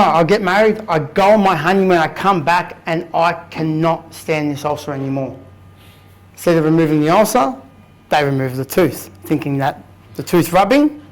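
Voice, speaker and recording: Speaking as a guest to a room full of people, a thirtysomething Australian man tells his personal story in a frank, blunt way, swearing casually. His voice is fairly high, and the audio is poor.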